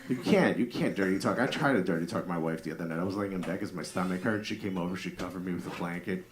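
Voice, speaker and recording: A man with a New York-area accent performs a crude, conversational stand-up set on a comedy club stage, acting out bits of dialogue as the live audience laughs. His voice is deep and fast, with a little hiss or hum in the recording.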